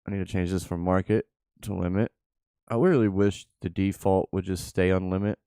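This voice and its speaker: A man's voice: low voice, fairly even intonation, moderate pace, warm tone, clean tone, no room sound. A man hosting a channel, casually talking through his trades live and muttering offhand remarks to himself. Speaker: channel host and crypto trader. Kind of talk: casual live commentary while trading.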